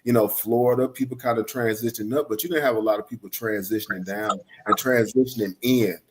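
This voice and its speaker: A man's voice: lowish voice, fairly even intonation, fast. A middle-aged man from Atlanta, a school principal talking as a guest and telling stories in a reflective way, full of "you know" and "right?". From Atlanta, Georgia. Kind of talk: casual podcast conversation.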